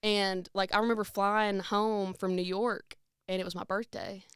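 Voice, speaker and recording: A woman's voice: mid-range voice, level tone, moderate pace, fairly bright tone, clean tone, no echo, studio quality. Chatty young woman with a lilt. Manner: chatty storyteller, lots of fillers, slips into quoted voices. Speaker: guest singer. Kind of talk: casual interview chat.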